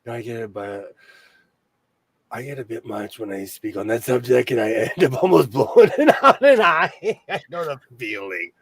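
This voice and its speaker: A man's voice: medium pitch, very animated, normal speed. A man from California hosting a casual chat, rambling along and laughing often. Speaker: podcast host.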